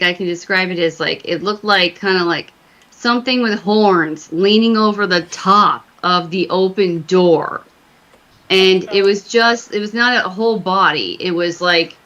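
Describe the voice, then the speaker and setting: A woman who works as a medium tells a ghost story casually on a talk show, rambling with many fillers and restarts. Her voice is on the low side with a fairly bright tone, and the highs are cut off.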